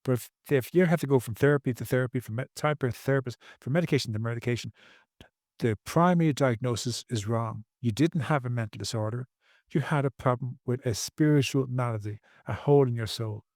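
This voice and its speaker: A man's voice: medium pitch, brisk, a little mellow, no room sound, clean studio sound. A man speaking as a podcast guest, earnest and preachy, repeating phrases for emphasis. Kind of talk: podcast interview.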